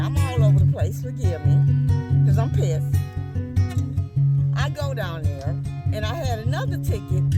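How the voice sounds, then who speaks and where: A middle-aged woman, filming a casual vlog on her phone and ranting in a heated, rambling way. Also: sits high. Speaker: vlogger. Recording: loud music bed behind voice.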